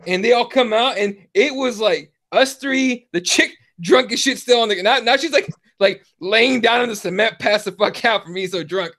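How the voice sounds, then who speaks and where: Podcast host, thirties, high male voice, profane rambling storyteller. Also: moderate pace, hardly any pauses, fairly bright tone. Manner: profane, rambling, lots of fillers. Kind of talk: casual chat, storytelling.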